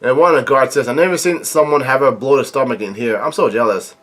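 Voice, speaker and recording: Guy reading a comic out loud on his channel, trips over words a lot, mid pitch voice. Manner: halting, frequent restarts and fillers. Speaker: reaction video host. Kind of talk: reading a comic aloud with commentary.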